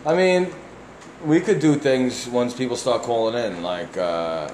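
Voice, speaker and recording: A man with a New York accent and a deep voice, hosting a casual podcast and bluntly reading listener emails with plenty of swearing. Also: measured pace, roomy sound, background noise. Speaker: podcast host.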